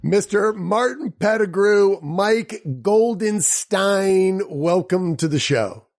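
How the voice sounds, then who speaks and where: A man's voice: sits high, animated, takes it slowly. A man hosting a podcast, reading an introduction and then chatting with guests in an upbeat, joking way. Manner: upbeat, joking, playful asides. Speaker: podcast host. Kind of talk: scripted intro, then casual interview chat.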